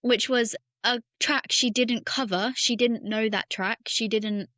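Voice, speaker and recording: A woman co-hosting a podcast, explaining things in a steady, enthusiastic casual chat. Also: a little high, unhurried, no room sound. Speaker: podcast co-host.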